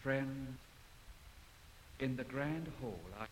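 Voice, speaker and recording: A man preaching a sermon in a large hall, dramatic, swinging from loud passages to hushed ones. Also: medium pitch, drawn-out words. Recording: long hall reverb, faint hiss.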